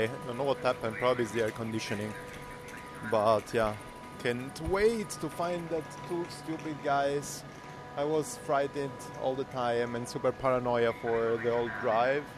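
A man talking casually to his camera while travelling by train and arriving at stations, rambling and talking to himself. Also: medium pitch. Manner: rambling, self-talk. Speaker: cycling vlogger. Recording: noisy train ambience.

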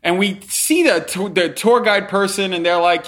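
A young adult man telling a story in casual chat, acting out quotes in lively voices. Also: brisk, hardly any pauses. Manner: animated, acts out quotes with big pitch jumps.

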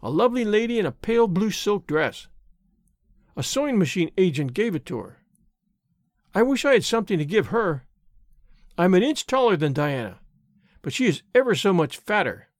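A man's voice: high-pitched, dry recording, clean studio sound. A man voicing a chatty, imaginative orphan girl of about eleven who gushes with enthusiasm. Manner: gushing, breathless enthusiasm.

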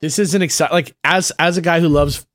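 A man with a slightly high voice chats casually on a podcast. He rambles through his stories and keeps restarting his sentences with fillers. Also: fairly even intonation, fairly quick, a bit bright. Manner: rambling, repeats himself with lots of fillers. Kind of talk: casual chat.

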